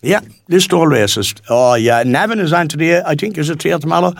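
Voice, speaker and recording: A man's voice: fairly high pitch, fast, creaky, no echo, studio quality. A Cork Irish man in his sixties presenting local radio in a rambling, folksy chat full of fillers and restarts. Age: 60s.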